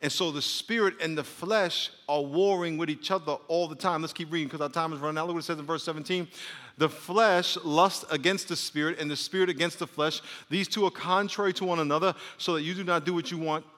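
A man's voice: on the high side, steady tone, fairly quick, fairly bright tone, long reverb tail. A man, a pastor, preaching a sermon with call-and-response and joking asides. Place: church sanctuary.

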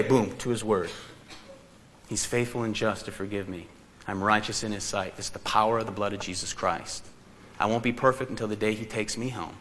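A man preaching in a church hall, his voice bright and forward with a long reverb tail behind it. He tells stories with lively, animated energy and often laughs as he talks. Faint room ambience sits underneath. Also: mid-range voice, slight background noise. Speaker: pastor. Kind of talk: sermon with personal storytelling.

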